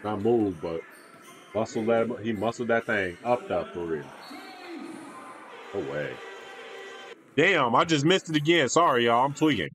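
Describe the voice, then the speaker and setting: A man's voice: mid-range voice, sing-song, measured pace, long pauses, fairly bright tone, faint music behind. A young man giving casual, slangy reaction commentary on a basketball video, with mumbled asides. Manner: laid-back slangy banter, mumbles asides.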